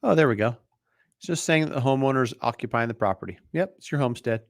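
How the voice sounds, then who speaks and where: A man hosting a live mortgage Q&A stream, talking in a relaxed, chatty way with lots of fillers and restarts, sounding tired. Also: mid-range voice, quick pace, no echo, clean studio sound. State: tired, yawning.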